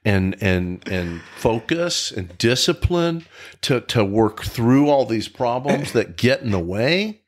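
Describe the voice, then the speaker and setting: A man's voice: medium pitch, lively intonation, slow. A man who is a podcast guest, telling his personal recovery story in a reflective, earnest way, often restarting his sentences.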